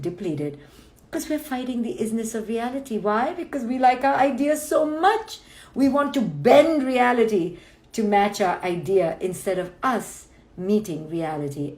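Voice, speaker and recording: A woman's voice: lowish voice, darkish tone, roomy sound. A woman, a psychologist, giving a playful, emphatic motivational talk on a livestream and acting out people's inner thoughts. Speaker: clinical psychologist hosting a book club livestream.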